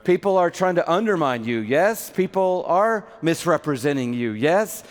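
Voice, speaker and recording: A man's voice: on the high side, lively intonation, moderate pace. A man preaching a sermon in an earnest, conversational way, with a long hall reverb behind him.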